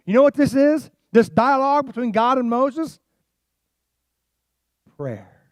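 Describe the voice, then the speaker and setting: A man preaching a sermon as pastor, animated and casual, dropping into quiet asides and rising into loud emphatic passages. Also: extremely high pitch, measured pace, no echo. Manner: casual slang.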